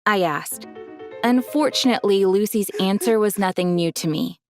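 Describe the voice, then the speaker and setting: A woman's voice: medium pitch, moderate pace, darkish tone, soft background music. A woman narrating a first-person storytime in a chatty way.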